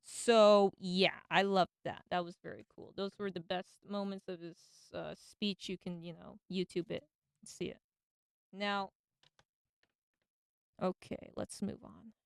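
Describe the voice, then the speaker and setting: A woman's voice: medium pitch, fairly even intonation, unhurried, vocal fry, smooth, dry recording. A woman hosting a casual radio monologue, enthusiastic and slangy. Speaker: radio host.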